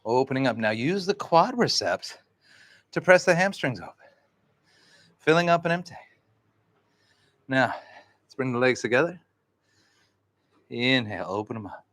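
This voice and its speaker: A man leading a vinyasa yoga class, calmly cueing breath and poses with relaxed encouragement. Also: mid-range voice, moderate pace, long pauses, no echo. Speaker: yoga instructor.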